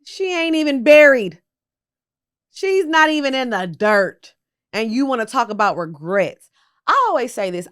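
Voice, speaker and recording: A woman's voice: fairly high pitch, a bit bright. A tipsy woman hosting a casual pop culture gossip show, talking bluntly and sassily to her viewers and swearing freely. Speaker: pop culture commentary host.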